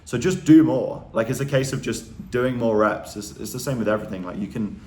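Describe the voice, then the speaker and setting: A young man with a fairly low voice coaches sales in an energetic, emphatic way, tagging his points with quick questions. The room around him is echoey, with a faint hiss behind the voice. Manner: energetic, emphatic, frequent tag questions and fillers. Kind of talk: casual instructional talk to camera.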